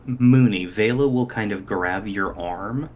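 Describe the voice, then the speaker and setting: A man narrating as dungeon master in an online tabletop game, easygoing and quick to laugh. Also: fairly low pitch, a little mellow, slight background noise.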